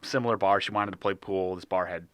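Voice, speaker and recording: Bright-voiced, profane young man co-hosting. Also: deep voice, steady tone, quick pace, clean tone, no room sound. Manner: profane, dry and offhand. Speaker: podcast co-host. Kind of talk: casual chat. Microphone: studio mic.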